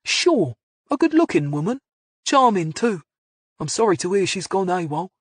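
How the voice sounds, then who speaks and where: A man's voice: high-pitched, big pitch swings, normal speed, breathy edge, no echo, heavily acted. A narrator voicing a jovial middle-aged businessman with a faint Cockney accent, cheery and breezy on the phone. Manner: cheery and breezy, calls people love.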